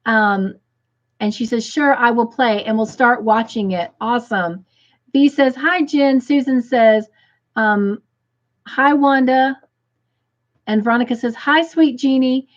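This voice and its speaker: Excitable woman hosting a live stream. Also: fairly high pitch, unhurried, lo-fi sound. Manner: excitable and warm, gushing. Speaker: host of a crochet live stream. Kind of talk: casual live-stream chat, reading viewer comments aloud.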